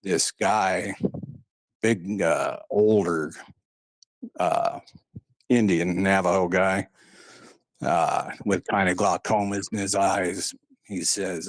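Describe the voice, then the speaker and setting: A man's voice: low voice, fairly even intonation, slow pace, long pauses, no room sound, clean studio sound. A man telling a personal story in a casual, rambling way, full of "uh" and "and, uh". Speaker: guest recounting a paranormal experience.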